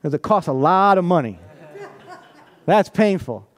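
Guy preaching a sermon, kinda high voice, telling stories and tossing out questions to the crowd. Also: expressive, unhurried. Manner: conversational storytelling, frequent rhetorical questions, laughs often.

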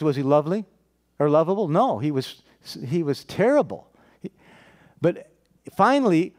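A man's voice: high voice, darkish tone. A man preaching a sermon, telling a Bible story, acting out the characters' lines and putting questions to his listeners.

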